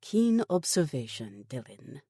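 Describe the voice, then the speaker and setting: A woman voicing a wry, understated male army lieutenant from abroad in an audiobook, on a low, dry voice. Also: sing-song, unhurried, mellow, slightly rough, dry recording, exaggerated voice.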